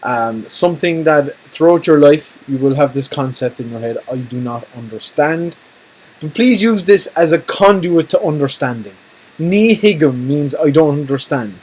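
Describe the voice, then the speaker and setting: Teacher, male, husky, patient and jokey, drills phrases for kids. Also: a little high, expressive, a little mellow, rough recording. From Ireland. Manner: jokey, repeats phrases slowly for learners. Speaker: Irish language teacher. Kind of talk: recorded language lesson.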